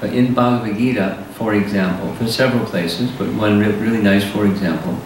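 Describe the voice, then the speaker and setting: A spiritual teacher with a somewhat low voice gives a scripture lecture, slow and deliberate, pausing often between phrases. He sounds distant from the microphone in a strongly echoing hall, with a faint hiss in the background.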